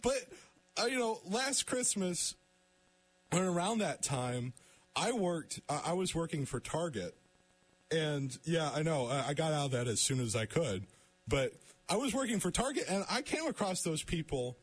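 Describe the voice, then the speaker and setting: A man's voice: a little high, sing-song, breathy edge. A young man hosting a casual radio talk show, stumbling and restarting his sentences as he chats. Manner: halting, many restarts, laughs often.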